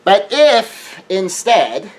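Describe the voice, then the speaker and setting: A man's voice: sits high, big pitch swings, low-quality recording. A man giving earnest relationship advice in a monologue, often repeating words as he builds a point. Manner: earnest, repeats words when rushing, acts out quoted scenes.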